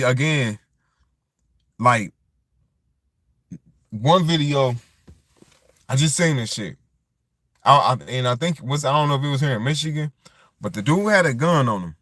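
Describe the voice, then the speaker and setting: A man's voice: medium pitch, fairly bright tone, no room sound, studio quality. A man talking in a loose, rambling vlog monologue, circling back and restarting his thoughts as he goes. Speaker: vlogger. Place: tent.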